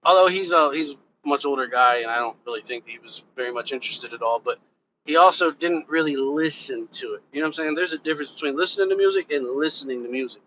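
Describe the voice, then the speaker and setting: Fast-talking and bright, with a fairly high voice, this man hosts a live stream as a reaction channel host and rapper. He rambles in loose, casual chat, speaking straight to viewers and swearing freely. The sound is lo-fi and dull, with some faint background noise.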